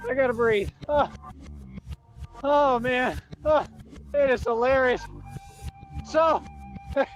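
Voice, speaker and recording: A man's voice: very high-pitched, slow, soft background music, poor audio. A man calling himself a real-life superhero, laughing hard, boasting and taunting in streetwise slang. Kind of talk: livestream rant.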